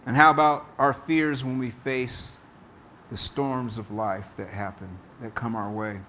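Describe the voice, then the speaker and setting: A man preaching a sermon as pastor, slow and deliberate, telling a story to make his point. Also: medium pitch, fairly even intonation, sharp tone, slight background noise.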